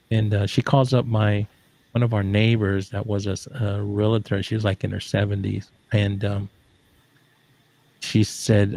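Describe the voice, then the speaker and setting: Gravelly low-voiced man telling rambling stories. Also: level tone, measured pace, dark tone. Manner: rambling, joking, trails off with fillers. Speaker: social audio room participant. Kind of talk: casual storytelling chat.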